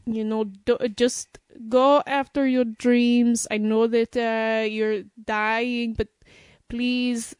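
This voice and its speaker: A woman voicing an adult male basketball star in an improv comedy scene, with an untrained, halting put-on French accent. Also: a little high, little pitch movement, smooth, no echo, clean studio sound. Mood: earnest.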